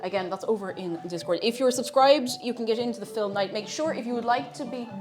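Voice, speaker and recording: A woman talks to her stream viewers in a loose, playful ramble, her voice sitting a little high. She sometimes slips into a sing-song and sometimes shouts. Faint music plays behind her. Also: fast talker. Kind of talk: casual live-stream chat.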